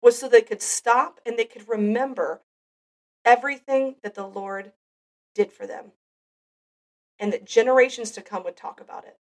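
A woman's voice: fairly high pitch, moderate pace, long pauses, recorded from a distance. A woman hosting a devotional podcast, giving an earnest, heartfelt Bible teaching. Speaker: podcast host.

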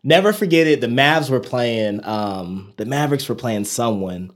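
A man in his thirties, a nurse and interview guest, telling stories in a casual, animated way with many fillers. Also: mid-range voice, normal speed. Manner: animated storyteller, quotes people in lively voices, many fillers.

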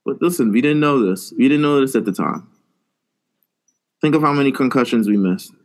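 A man co-hosts a podcast live watch in loose, casual chat. He is laid-back and keeps his voice at a plain middle pitch, often opening a thought with "listen". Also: fairly quick. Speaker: podcast co-host.

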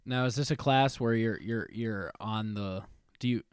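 A man's voice: on the low side, clear, resonant tone, no room sound, clean studio sound. A man co-hosting a podcast in casual chat, joking and laughing often as he stumbles through words. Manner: jokey, laughs often, sounds out words haltingly. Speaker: podcast co-host.

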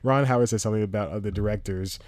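A man's voice: fairly low pitch, very fast, a little mellow, no room sound, clean studio sound. A man hosting a solo podcast in casual talk, rambling, often laughing and losing his train of thought. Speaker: podcast host.

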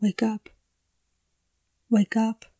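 Brief: woman reading a scared young woman in a storybook, low even voice with a mellow tone, calling out anxiously. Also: very slow, exaggerated voice. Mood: panicked. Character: frightened young woman lost in a dream.

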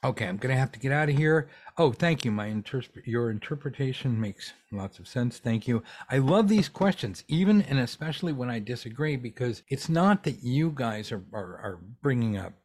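A man teaching a live tarot workshop, answering viewer questions in an animated, casual way with jokey asides and some swearing. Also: medium pitch, normal speed, few pauses.

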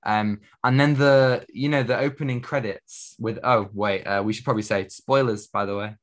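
A man's voice: fairly low pitch, fairly even intonation, moderate pace. A man co-hosting a podcast, chatting casually about a film and leaning heavily on "you know" fillers. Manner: rambling, heavy use of "you know" fillers. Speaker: podcast co-host. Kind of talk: casual film review chat.

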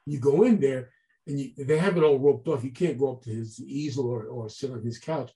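A man telling a long story as an interview guest, animated and acting out the voices of people he quotes. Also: mid-range voice, brisk, rough recording. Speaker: guest artist. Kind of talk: casual storytelling.

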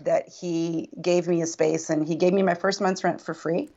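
Gravelly-voiced woman telling her story. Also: fairly low pitch, level tone, normal speed, warm tone, dull audio. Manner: earnest, reflective storytelling. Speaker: podcast guest. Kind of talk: personal story in casual conversation.

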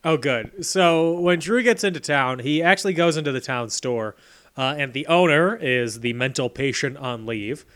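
A man's voice: a little high, lively intonation, normal speed, a bit bright, clear, resonant tone. A man co-hosting a podcast, recapping a movie's plot in wry, laid-back casual chat. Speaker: podcast co-host.

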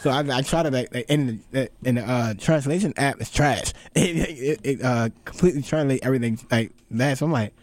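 A man's voice: medium pitch, brisk, hardly any pauses, darkish tone, no echo. A young man hosting a podcast, telling a story in a rambling way with lots of fillers and restarts. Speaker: podcast host. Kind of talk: casual chat.

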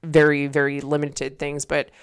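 Young woman on a podcast, lowish smooth voice, swears a lot and laughs while she rambles through a story. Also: completely flat delivery, normal speed. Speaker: podcast co-host. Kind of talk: casual chat. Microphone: desk mic.

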